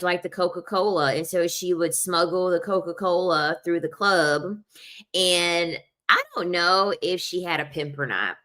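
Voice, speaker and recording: A young adult woman telling personal stories in a casual, animated way, laughing often and acting out what people said. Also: on the low side. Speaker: video host. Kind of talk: casual storytelling.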